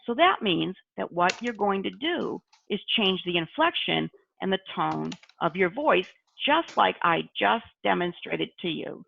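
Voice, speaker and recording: A woman's voice: medium pitch, big pitch swings, measured pace, creaky, few pauses, slight background noise. A woman training call intake staff on a video call, instructive and repeating key phrases. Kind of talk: online training session. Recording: tinny video-call audio, dry.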